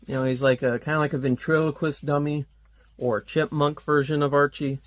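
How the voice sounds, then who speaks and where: A man's voice: a little high, level tone, a little fast. A man reviewing a comic book in casual, rambling commentary, with lots of offhand fillers.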